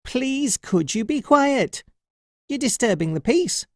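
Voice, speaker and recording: A man voicing a tiny, bold and stubborn male mouse in a squeaky voice. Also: big pitch swings, slow, dry recording, studio quality, exaggerated voice. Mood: indignant.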